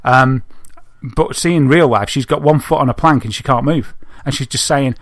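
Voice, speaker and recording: A man, co-hosting a podcast and telling an animated story, laughing often. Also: mid-range voice, moderate pace, no room sound, studio quality. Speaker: podcast co-host. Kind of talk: casual chat, telling an anecdote.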